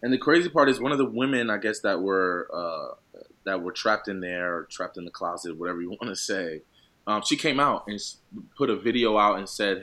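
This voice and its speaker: A man in his thirties, a professional football player, co-hosting a casual chat in an emphatic, animated, slangy way. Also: lowish voice, a little fast.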